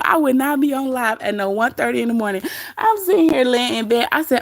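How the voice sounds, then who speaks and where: A woman's voice: fairly high pitch, lively intonation, brisk, gravelly, no echo, clean studio sound. A woman hosting a livestream, chatting casually to her live chat from her bed, laughing often and quoting others. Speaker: livestream host. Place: bedroom.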